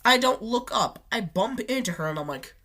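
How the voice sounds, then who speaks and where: At a normal speed, a woman with a high-leaning, animated, slightly bright voice that sounds sick tells her channel a personal story. As a storytime host she rambles casually, restarting and correcting herself repeatedly.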